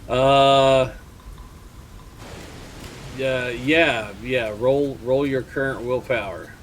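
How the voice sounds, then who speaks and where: A man running a tabletop horror game as game master, narrating calmly and laughing with players. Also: mid-range voice, a little hiss or hum, poor audio. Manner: slow, relaxed storytelling with laughs.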